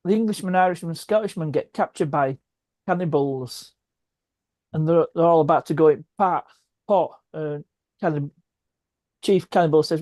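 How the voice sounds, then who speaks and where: A chatty man sitting at his home desk, swapping jokes and stories with friends online. His voice sits fairly high for a man. It sounds dry and close. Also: normal speed, long pauses, a little mellow, no echo. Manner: chatty, storytelling, jokey. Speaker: guest friend on the stream. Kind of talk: casual chat and joke telling. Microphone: webcam or phone setup.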